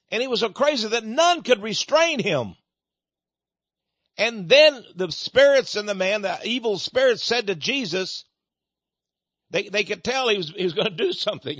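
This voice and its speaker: A man's voice: high-pitched, fairly bright tone, dry recording. A man preaching a storytelling sermon about his ministry, repeating and restarting words as he talks, in a dull lo-fi recording.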